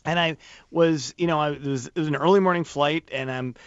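A man's voice: on the high side, steady tone, fairly quick, dull audio, slight background noise. A man casually telling a self-mocking story on a talk show, rambling with many restarts.

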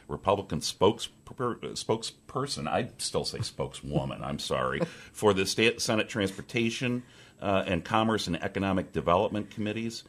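A man's voice: on the low side, fairly bright tone. A man hosting a political radio talk show from a statehouse press room, rambling with many fillers and restarts.

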